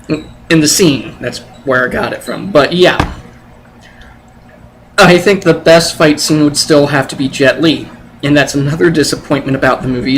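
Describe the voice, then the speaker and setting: A man's voice: a little high, fairly bright tone, a little hiss or hum. Sarcastic rambling movie reviewer, man. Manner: sarcastic, rambling, blunt with swearing. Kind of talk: casual video review.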